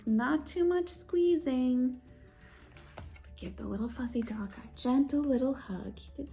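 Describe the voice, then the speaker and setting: A woman librarian reading picture books aloud to young children, playful and expressive, with sound effects and little laughs. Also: sits high, faint music behind. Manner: speaks slowly and coaxingly to young listeners.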